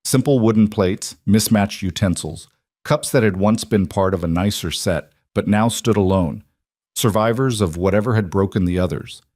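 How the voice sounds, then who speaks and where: Male storybook narrator, low, steady, measured, dry sound. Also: no room sound.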